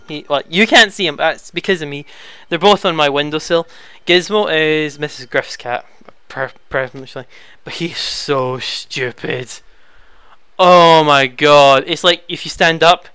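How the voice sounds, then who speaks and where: A man's voice: a little high, pushed and bright, clear, resonant tone, dry recording. A young man answering viewer questions in a casual, rambling way, chatty and easily flustered, talking into a headset at home. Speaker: YouTube Let's Player. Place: home room.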